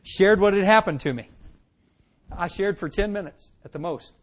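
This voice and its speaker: High-voiced preacher telling his testimony. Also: normal speed. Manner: animated storytelling, swings from loud to hushed; acts out quoted lines. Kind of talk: sermon testimony.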